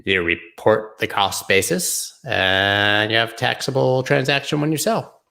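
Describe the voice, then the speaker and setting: A man's voice: fairly low pitch, measured pace, gravelly, bright, forceful tone. A man hosting a casual livestream, joking and riffing while he answers viewer comments. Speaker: host.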